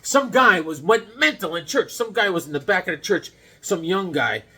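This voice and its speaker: A man's voice: high voice, expressive, moderate pace, bright, forceful tone. Chatty man rambling about comics. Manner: rambling, chatty, jumps between stories and comics. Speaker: comic book vlogger. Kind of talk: casual show-and-tell chat.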